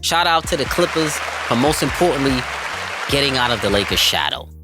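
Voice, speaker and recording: A man's voice: mid-range voice, big pitch swings, a little fast, over loud music, over a noisy crowd. Hyped male basketball podcast host. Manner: hyped, emphatic, addresses listeners as family. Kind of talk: enthusiastic basketball commentary.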